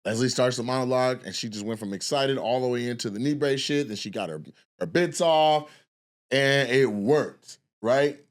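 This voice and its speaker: A man's voice: mid-range voice, normal speed. Rambling, profane male comedian. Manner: rambling, profane, restarts a lot. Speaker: podcast host and stand-up comedian. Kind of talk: casual storytelling.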